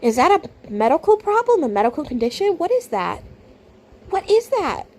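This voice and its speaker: A woman giving blunt, incredulous reaction commentary, swinging from low muttering to loud outbursts. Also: very animated, moderate pace, noisy background. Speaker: reaction video host.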